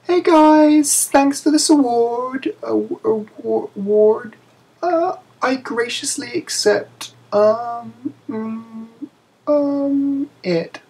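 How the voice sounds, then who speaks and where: A man voicing a stammering high-pitched paladin girl. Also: a little mellow, slightly rough, full character voice, poor audio. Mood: awkward. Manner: stammering, halting, filled with ums. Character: hesitant young female paladin, high and shy.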